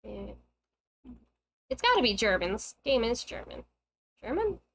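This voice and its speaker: High-voiced woman streamer, unhurried. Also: very animated, creaky, husky, poor audio. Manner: swears freely, thinks aloud. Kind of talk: casual gameplay commentary. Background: faint game music.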